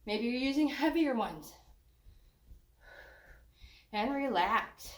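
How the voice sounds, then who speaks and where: A woman's voice: a little high, lively intonation, slow, roomy sound. An older woman leading a walking workout. She is out of breath, jokes, and sighs between her encouraging cues. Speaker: fitness instructor.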